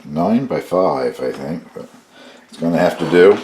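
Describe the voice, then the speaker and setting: A man's voice: low voice, lively intonation, moderate pace, noisy background. An older man casually talking through baking a loaf at home, tasting it and commenting as he goes. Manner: easygoing, chatty, tastes and comments as he goes. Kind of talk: casual cooking demonstration.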